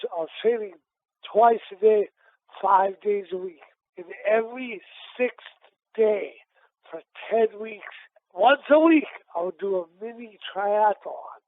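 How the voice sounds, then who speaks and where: A man's voice: high voice, no echo. A middle-aged man from Massachusetts, a retired boxer, telling rambling stories with many restarts and repeats in a casual interview. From Massachusetts, USA. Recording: tinny phone line on a radio show.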